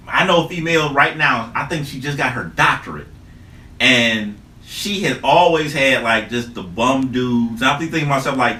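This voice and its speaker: A man's voice: medium pitch, a little hiss or hum. Swearing man telling loose stories. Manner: animated storytelling, heavy swearing. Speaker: podcast host. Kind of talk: casual chat. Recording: echoey room mic from a distance.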